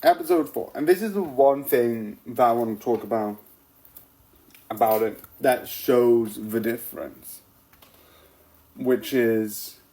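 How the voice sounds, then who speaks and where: A man's voice: medium pitch, mellow, poor audio. A man chatting loosely about a show, voice in an ordinary middle register. He laughs often, trails off and restarts sentences, the easy feel of a home vlog. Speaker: vlogger reviewing TV episodes. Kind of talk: casual rambling commentary.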